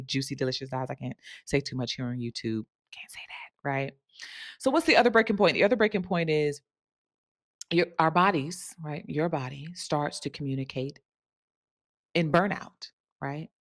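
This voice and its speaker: Low-voiced woman coach, chatty and frank. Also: a bit bright. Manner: chatty, punctuates with "right?"; candid and frank, swears casually. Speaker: sensuality coach. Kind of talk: casual direct-to-camera monologue.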